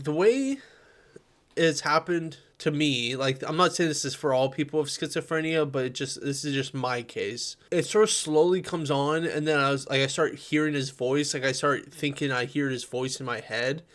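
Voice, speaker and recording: A young man casually recounting personal experiences, rambling with many fillers and restarts. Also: a little high. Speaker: streamer sharing personal experiences.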